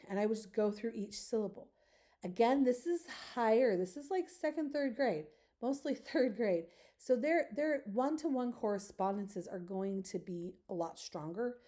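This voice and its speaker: A woman giving a recorded webinar lecture to teachers, patiently modeling classroom talk and stretching out words slowly. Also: medium pitch, mellow. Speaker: teacher trainer.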